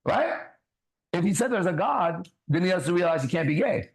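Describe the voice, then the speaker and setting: A man's voice: sits high, animated, moderate pace, vocal fry, poor audio. A man hosting a ministry talk show, preaching bluntly with swearing and constant rhetorical questions.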